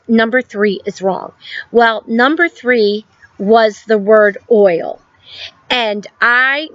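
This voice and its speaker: A woman in her fifties, a school guidance counselor giving a recorded lesson to students, telling a story gently with many ums and reflective questions. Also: fairly high pitch, no room sound, dull audio. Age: 50s.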